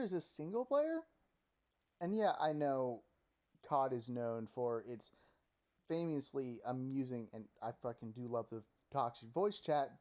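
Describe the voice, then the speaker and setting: Guy ranting about a game, swears a lot, normal pitched voice, close mic at home. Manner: profane, animated ranting with mocking quoted voices. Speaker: gaming commentator. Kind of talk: casual opinion rant.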